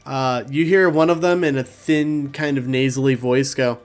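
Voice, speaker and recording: A man's voice: medium pitch, fairly even intonation, moderate pace, few pauses, clean tone, soft background music. A laid-back man narrating a tabletop game as game master, laughing easily.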